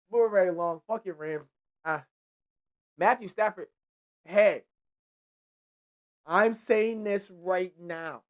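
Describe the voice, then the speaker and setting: A young man hosting a casual sports show, ranting in a slangy, profane and repetitive way. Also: sits high. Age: young adult. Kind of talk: casual sports commentary rant.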